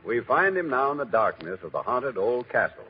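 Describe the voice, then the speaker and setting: A man's voice: medium pitch, big pitch swings, normal speed. A man narrating a story in dramatic storyteller manner for an old radio play. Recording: dull old radio recording with music.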